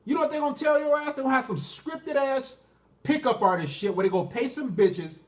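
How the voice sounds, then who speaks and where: Talking a little fast in an extremely high voice, a dating commentary streamer delivers a crude, unplanned rant and answers chat. He's far from the microphone, and the space echoes.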